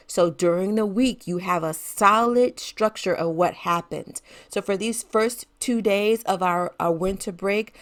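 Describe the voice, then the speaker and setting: Woman podcast host, middle-aged, chatty and encouraging, laughs easily. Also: fairly low pitch. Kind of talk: casual solo podcast talk.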